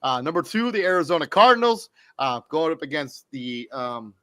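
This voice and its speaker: A man's voice: a little high, big pitch swings, moderate pace, fairly bright tone, a little hiss or hum. A man co-hosting a sports podcast, reading off fantasy football rankings in a loose, off-the-cuff way with fillers and self-corrections. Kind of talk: casual sports podcast talk.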